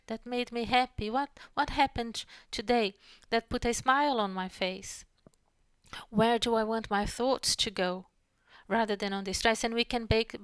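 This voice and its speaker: Calm woman psychologist, smooth clear voice. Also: mid-range voice, no echo. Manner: calm and measured, softly guiding breathing exercises. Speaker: psychologist giving a lecture. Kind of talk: online lecture.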